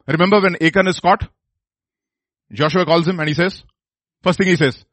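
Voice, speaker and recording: A high-pitched man preaches a sermon at normal speed, swinging between loud, emphatic bursts and hushed intensity. He repeats phrases, asks the audience questions and leaves long pauses. The recording is dry.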